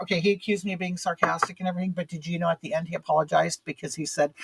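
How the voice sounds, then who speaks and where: A man's voice: a little high, steady tone, very fast, gravelly, hardly any pauses, a bit bright, slightly rough, dry recording, rough recording. A man hosting a casual chat, telling a frustrating story in an exasperated, rambling way with many fillers. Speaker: vlog host.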